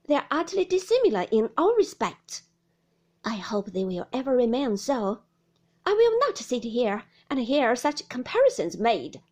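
A woman voicing a stern, harsh middle-aged spinster in a storybook reading, sharp and scolding. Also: very animated, slow, heavily acted. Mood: scornful. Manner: sharp, scolding, shrill outbursts.

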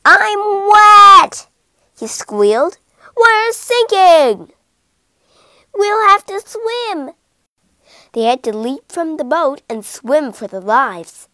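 A woman's voice: on the high side, lively intonation, a little slow, few pauses, no room sound, studio quality. A woman doing a furious wet tomcat. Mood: angry. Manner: loud, indignant squealing. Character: male cat, fussy and hot-tempered, hates water.

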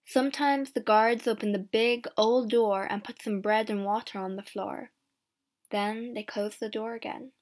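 Woman reading an audiobook story, slow and careful, kinda high voice. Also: fairly even intonation. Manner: slow, clear and deliberate. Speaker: audiobook narrator. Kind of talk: slow first-person storybook narration.

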